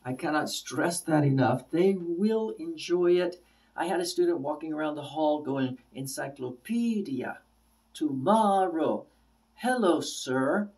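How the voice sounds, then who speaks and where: Man, teacher trainer, repetitive emphatic lecture, dark mellow voice, distant mic. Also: fairly high pitch, moderate pace. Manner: repetitive, emphatic, drills words aloud. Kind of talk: instructional lecture.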